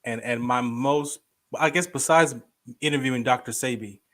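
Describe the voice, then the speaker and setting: A man in his thirties chatting casually as a guest co-host, telling stories with lively acted-out quotes. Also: medium pitch, normal speed. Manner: animated storyteller, acts out quoted voices. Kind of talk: casual chat.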